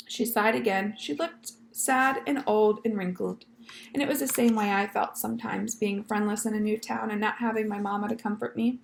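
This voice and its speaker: A woman reading a children's novel aloud, with expressive storytelling. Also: medium pitch, moderate pace, creaky, echoey room.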